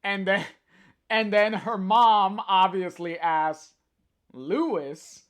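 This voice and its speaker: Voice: mid-range voice, slow, clear, resonant tone. A livestreamer reading a comic aloud on stream, hesitant with many filler sounds and chatty asides to viewers.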